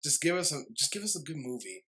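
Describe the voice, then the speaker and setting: A young man rants about a film in a heated, rambling way. He repeats himself, restarts his sentences and keeps apologizing. His voice sits a little high for a man. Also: sing-song, fast talker, bright, forceful tone, low-quality recording. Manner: heated, repetitive ranting with frequent apologies. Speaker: movie reviewer. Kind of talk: ranting video review.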